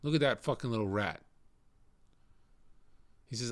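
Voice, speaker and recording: A man's voice: mid-range voice, lively intonation, unhurried, no echo. A man live streaming, ranting angrily and hurling mocking, profane insults at a viewer in chat. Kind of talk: angry rant at a chat viewer.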